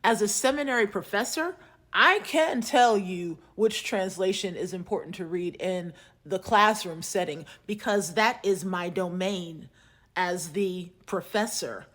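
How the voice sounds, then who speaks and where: Slow, deliberate woman professor. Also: medium pitch, fairly bright tone. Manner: deliberate, teacherly retelling of a class exchange. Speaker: seminary professor. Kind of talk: casual storytelling while doing makeup.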